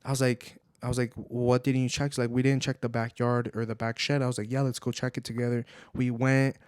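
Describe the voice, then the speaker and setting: A man's voice: mid-range voice, fairly quick, clean tone, no room sound, clean studio sound. A young man co-hosting a podcast, telling a scary personal story in casual chat, with lots of "like" fillers and the odd Spanish phrase. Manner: animated, heavy use of "like", drops Spanish phrases. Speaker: podcast co-host. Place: home podcast setup.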